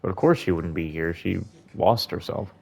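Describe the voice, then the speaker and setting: Low voiced guy chatting away while he plays a game, kinda musing and rambly. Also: normal speed, gravelly. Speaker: gaming YouTuber. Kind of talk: casual let's-play commentary.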